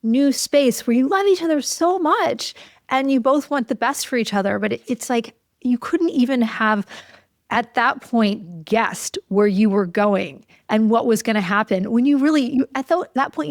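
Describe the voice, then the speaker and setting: A woman's voice: on the high side, animated, normal speed, no room sound, clean studio sound. A woman hosting a podcast interview, talking in a reflective, empathetic way with many "like" fillers. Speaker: podcast host. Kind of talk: casual conversational interview.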